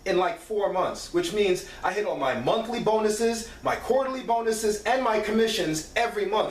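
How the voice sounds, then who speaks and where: A man hosting a show, telling stories from his career in a casual, animated way and acting out what others said, with a frequent "right?". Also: sits high, moderate pace, a little hiss or hum. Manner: animated, acts out quoted voices, frequent "right?". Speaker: podcast host. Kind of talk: casual storytelling monologue. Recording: roomy echo, distant from mic.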